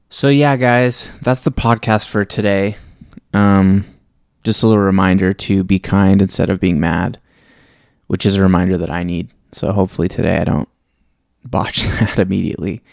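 On his podcast, a man with a low, slightly mellow voice and vocal fry reads a personal story in a wry, reflective way and then signs off casually. It's clean studio sound, with no room audible.

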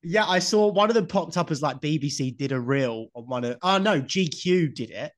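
A man's voice: on the high side, expressive, normal speed. A man hosts a podcast with a slightly raised voice. He talks in a blunt, chatty way and swears freely. The delivery is loose and conversational. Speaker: podcast host. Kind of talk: casual podcast chat.

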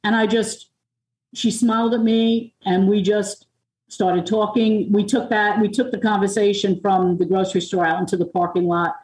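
A woman's voice: medium pitch, steady tone, normal speed, a little mellow. A middle-aged woman from Long Island, a podcast guest telling personal stories in a rambling way, full of fillers and restarts. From Long Island, New York. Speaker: podcast guest, music producer and author. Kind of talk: candid personal storytelling. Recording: roomy and distant from the mic.

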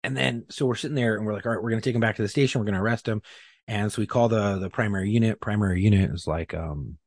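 A man with a husky, somewhat low voice tells a police story in loose podcast chat. He swears a lot and acts out the quotes. The sound is dry and close. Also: racing, no room sound. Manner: profane, animated, acts out quotes. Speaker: police officer telling a story.

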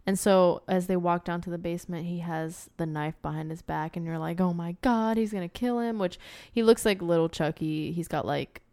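A young woman in casual chat about a film, chiming in with quick asides and laughs. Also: fairly low pitch, steady tone, gravelly, dark tone.

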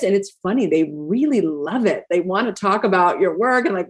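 A woman's voice: medium pitch, animated, fairly quick, hardly any pauses, husky. A woman hosting an interview, upbeat and encouraging in casual chat. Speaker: interview host.

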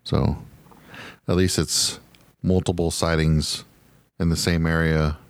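A man's voice: rumbling low, flat delivery, takes it slowly, dry recording. A man hosting a podcast, chatting loosely and joking as he reads out a story. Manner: loose, joking, laughs easily. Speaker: podcast host. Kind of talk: casual chat.

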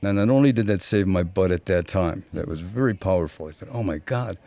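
A man's voice: sits low, fast, gravelly, warm tone. A man in his seventies, a podcast guest in casual conversation, telling long stories with dry, self-deprecating humor. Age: 70s.

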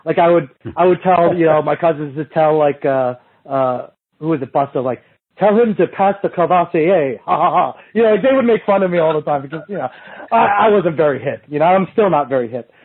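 A middle-aged man guesting on a podcast, his voice a little high and husky. He tells rambling anecdotes, restarts often, and drops into other people's voices for quotes. The sound comes through a thin, phone-like remote line. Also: animated, fast. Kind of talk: casual storytelling chat.

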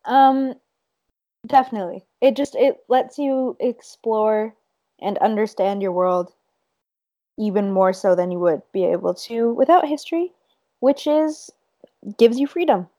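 Mellow-voiced woman co-hosting a chat. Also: a little high. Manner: halting, thinks aloud with many fillers. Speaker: podcast co-host. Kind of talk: casual chat.

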